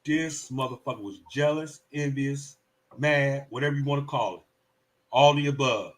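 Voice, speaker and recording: On his live stream, a man with a mid-range voice talks at a normal speed. He's animated and profane in his heated commentary, sometimes slipping into mocking voices.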